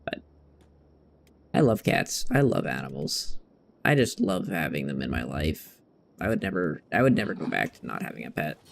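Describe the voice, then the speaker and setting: A man's voice: very deep voice, sing-song, moderate pace, gravelly, a little hiss or hum. A man hosting a gaming video, chatting casually in a rambling, candid way and swearing now and then. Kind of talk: casual chat while playing.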